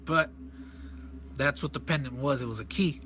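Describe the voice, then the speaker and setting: Enthusiastic rambling man, bright voice. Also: medium pitch, normal speed. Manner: enthusiastic, rambling, self-correcting. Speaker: comic reviewer. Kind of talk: casual comic walkthrough.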